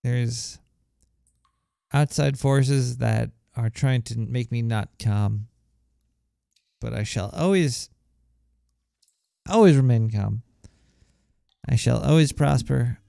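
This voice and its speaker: A man's voice: medium pitch, slow pace, gravelly, long pauses, warm tone, no echo. Man, show host, laid-back chat, reads donations, dry close sound. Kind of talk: casual show hosting.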